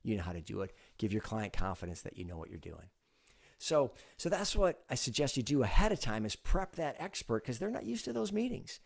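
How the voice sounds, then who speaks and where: A man hosting a sales advice show, talking straight to the viewer in a conversational coaching way, acting out meeting lines with sudden loud bursts. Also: medium pitch, sing-song, brisk, creaky. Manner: conversational, coaching in second person. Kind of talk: direct-to-camera advice talk.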